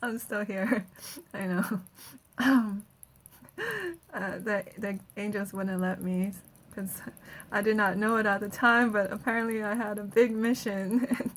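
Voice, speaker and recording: A woman's voice: medium pitch, steady tone, unhurried, fairly bright tone. A woman energy healer giving a casual guided healing talk, chatty and laughing often between phrases.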